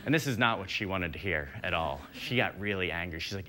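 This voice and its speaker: A man's voice: sits low, animated, a little fast. Young male stand-up comic, casual rambling self-deprecating patter, noisy TV stage recording. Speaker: stand-up comedian. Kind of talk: stand-up comedy set. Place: TV studio stage before a live audience.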